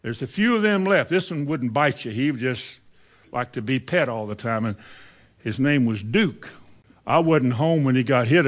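A man in his seventies preaching a conversational sermon, full of rhetorical questions and wide swings in delivery. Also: mid-range voice. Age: 70s.

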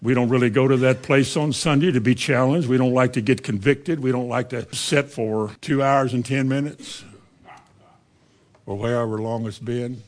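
A man's voice: mid-range voice, steady tone, normal speed. A man, preaching a sermon in a folksy, conversational way and reading scripture aloud.

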